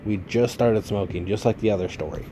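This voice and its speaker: A man's voice: lowish voice, brisk, noisy background. A man in his late twenties casually telling a long story on his podcast, rambling and swearing freely. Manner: rambling, profane, laid-back. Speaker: podcast host.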